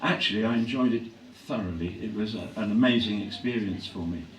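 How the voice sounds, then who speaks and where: An older English man reflecting on his acting career in a live on-stage interview, clearing his throat often as his voice grows hoarse. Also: on the low side, fairly quick. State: voice growing hoarse. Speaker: actor being interviewed. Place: hall at a public event. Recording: echoey hall from a distance, faint hum.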